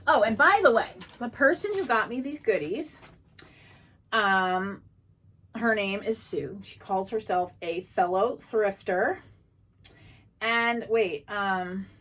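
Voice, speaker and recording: Speaking slowly in a fairly bright, mid-range voice, a woman casually presents her thrift finds at home. She's a vlogger, breathless and gushing, and she keeps saying um and starting over.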